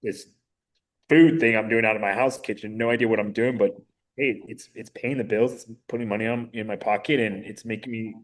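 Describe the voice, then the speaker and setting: A mayoral candidate in his thirties, appearing as a podcast guest, tells his story casually and with animation, using many fillers. His voice is lowish and he talks a little fast.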